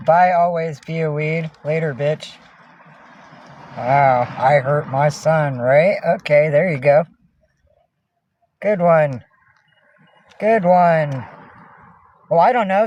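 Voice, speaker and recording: Speaking from inside a minivan on a casual livestream, a woman alternates between angry, profane ranting at her viewers and soft baby talk to her cats. Her voice is low-pitched and slow, with frequent pauses and slight background noise.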